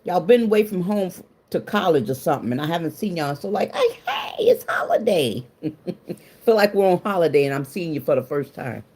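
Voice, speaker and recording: A woman's voice: lowish voice, animated, fast, mellow. A woman hosting a casual livestream, chatting with viewers and greeting them by name, emotional and confiding, laughing often. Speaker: livestream host.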